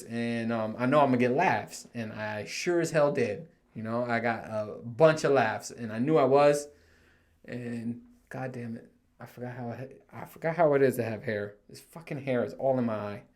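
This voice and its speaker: A man's voice: medium pitch, normal speed. A young man hosting his own podcast, chatting casually with plenty of swearing and frequent laughter. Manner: laid-back and profane, laughs often, quotes coworkers in mock voices. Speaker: podcast host. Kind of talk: casual solo podcast monologue.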